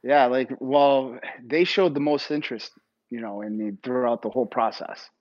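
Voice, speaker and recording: A man, a former hockey goalie, answering interview questions in a relaxed way, filling his speech with "like" and "you know". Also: mid-range voice, normal speed, dull audio. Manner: relaxed, filler-heavy with frequent "like". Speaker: retired hockey goalie, guest.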